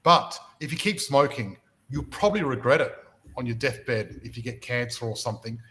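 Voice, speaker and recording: A man hosts a motivational podcast with a lot of energy. He often stumbles over the first words of a sentence before he gets going. His voice sits at an ordinary middle pitch. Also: moderate pace, rough recording. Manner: energetic, repeats words when starting sentences, storytelling. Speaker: podcast host and property mentor.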